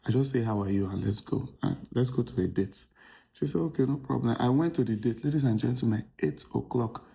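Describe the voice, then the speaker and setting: A man's voice: medium pitch, gravelly. A young Nigerian man telling a comic dating story as a podcast host, exasperated and often turning to the audience. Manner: exasperated, addresses audience as ladies and gentlemen.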